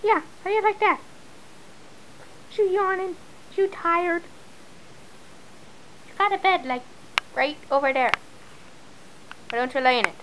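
Woman cooing in high baby talk. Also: measured pace, long pauses, fairly bright tone, slight background noise, poor audio. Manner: exaggerated high sing-song pet voice. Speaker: pet owner filming her dog.

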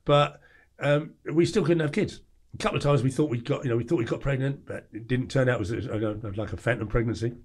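A man in his forties from England, a podcast guest telling a story in a blunt, lively way and acting out the lines of others. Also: mid-range voice, a little fast, slightly rough. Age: 40s. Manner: blunt, animated storyteller who acts out quoted lines. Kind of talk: storytelling interview.

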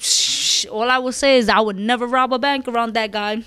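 A woman podcast host ranting with emphatic, profane opinions in loose, casual chat. Her voice sits on the higher side and sounds close and dry, with no room around it. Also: fairly even intonation, moderate pace, fairly bright tone, smooth, dry recording. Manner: emphatic, profane, repeats "you understand?".

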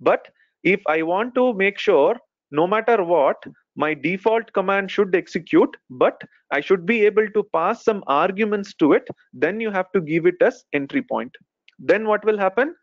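A man's voice: sits high, expressive, moderate pace. A male instructor teaching a live online technical class, explaining step by step with frequent "okay" and "right". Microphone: video call. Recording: dull lo-fi call audio.

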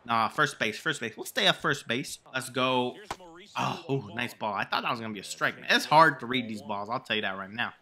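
A young man giving live commentary over his own video game, casual and excitable, shouting at big plays. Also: medium pitch, brisk. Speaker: gaming channel host.

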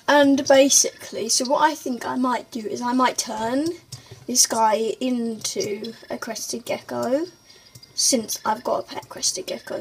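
A woman hosting a let's play, excitable, shrieking and chatting to the creatures on screen. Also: fairly high pitch, slight background noise, rough recording. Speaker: gaming channel host.

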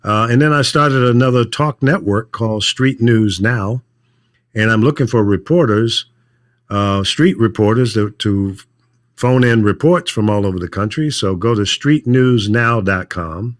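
An older man, a radio veteran, chatting casually in a measured, plain-spoken way with frequent fillers. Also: on the low side. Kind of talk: casual chat.

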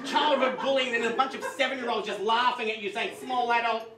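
A man doing live stand-up, telling a story in an animated, swearing comic manner on a club stage. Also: very high voice, a little fast, very noisy. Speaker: stand-up comedian. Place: comedy club stage with audience. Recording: echoey club room, distant mic.

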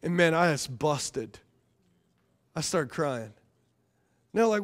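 Preaching a little slowly and pausing often, a male pastor with a high, light voice gives his sermon. He stays casual and animated, repeating key phrases to stress them.

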